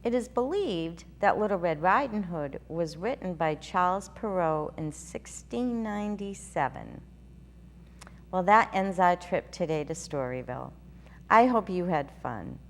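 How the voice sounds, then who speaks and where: A woman hosting a children's story show, reading a storybook aloud in a gentle, sing-song way. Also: fairly low pitch, expressive, a little slow. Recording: reverberant room with faint hum.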